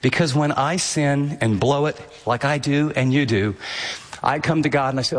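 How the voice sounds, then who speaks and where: A man preaching a sermon on a radio broadcast, animated, acting out the inner voices of his listeners. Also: medium pitch, normal speed, in a large hall. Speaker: pastor.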